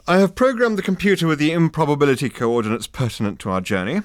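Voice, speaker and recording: A smooth, formal male official on a starship, voiced by a male audiobook narrator. He speaks with unruffled courtesy, slightly above the reader's low voice. The recording is dry and close. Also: lively intonation, fast, dry recording, lightly acted.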